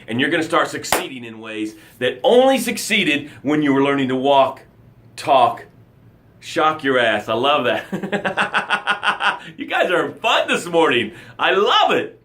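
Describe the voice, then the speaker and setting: Man, life coach, live motivational broadcast, energetic, animated, slightly high voice. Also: unhurried, a little hiss or hum. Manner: energetic, animated, reads viewer comments aloud.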